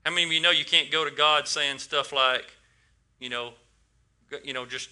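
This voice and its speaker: Man preaching, casual sermon, talks straight to the congregation, bright clear voice. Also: a little high, normal speed, long pauses. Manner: conversational, repeats words, asks the congregation questions.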